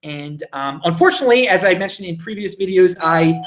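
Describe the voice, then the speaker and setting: Guy in his 30s from baltimore doing a live q&a from home, kinda high voice, rambles and gets worked up. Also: fairly quick, few pauses, background noise. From Baltimore, USA. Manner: rambling and excitable, lots of restarts. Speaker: livestream host answering viewer questions. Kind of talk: casual live Q&A monologue. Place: home, indoors.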